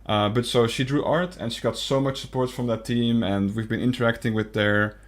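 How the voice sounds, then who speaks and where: A man's voice: medium pitch, steady tone, fairly quick. A young man co-hosting a casual podcast, talking hesitantly with frequent restarts and fillers. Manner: hesitant, stammering restarts, lots of um and like. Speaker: podcast co-host.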